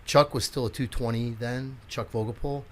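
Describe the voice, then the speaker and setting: A physical therapist and strength coach in his sixties talks at normal speed with a mid-range voice. He's a guest on a podcast, telling stories in a casual, animated way with lots of acted-out quotes and casual cursing.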